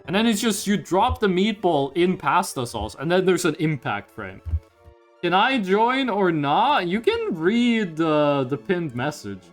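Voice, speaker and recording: Hyped high-voiced male streamer. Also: very animated, measured pace, faint music behind. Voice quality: voice pitched higher on stream. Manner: hyped, swearing, reads chat aloud. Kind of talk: casual live-stream chat.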